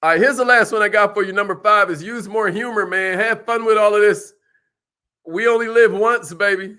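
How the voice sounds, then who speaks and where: A man giving an animated motivational sales seminar, calling out to the audience. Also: sits high, brisk, smooth. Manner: animated, preacherly, calls out to the audience. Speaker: sales trainer.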